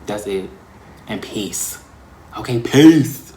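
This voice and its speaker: Low-voiced man musing casually in an echoey room. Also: slow. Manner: slangy and expressive, breaking into laughs. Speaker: vlog host. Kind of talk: casual reflective monologue.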